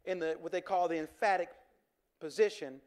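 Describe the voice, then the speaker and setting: A pastor preaching in a high voice. He talks to the congregation like a friend, with repeated restarts and chuckles, and turns earnest when he makes his point. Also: moderate pace. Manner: conversational, with stammered restarts and chuckles, shifting from joking to earnest. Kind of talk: sermon.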